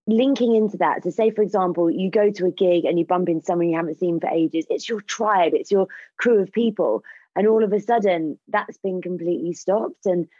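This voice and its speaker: Mellow low woman on dull lo-fi audio. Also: brisk, no echo. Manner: upbeat, fluent, enthusiastic. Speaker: DJ guest. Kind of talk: casual panel chat.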